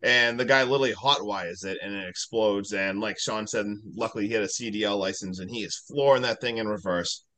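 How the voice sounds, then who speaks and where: A man's voice: fairly low pitch, brisk, few pauses, bright, forceful tone. A man co-hosting a podcast, chatting about a film's scenes, enthusiastic and full of "like" and "literally". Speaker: podcast co-host, leads discussion. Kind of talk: casual chat, film discussion.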